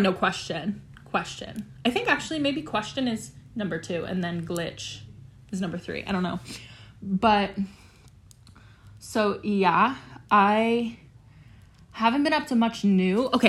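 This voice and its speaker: A teenage girl talks on her own casual chat show. She rambles from one thing to the next with plenty of fillers and swears freely. Her voice sits in an ordinary middle pitch for a woman. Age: teens. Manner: chatty, swears often, lots of fillers. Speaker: podcast host.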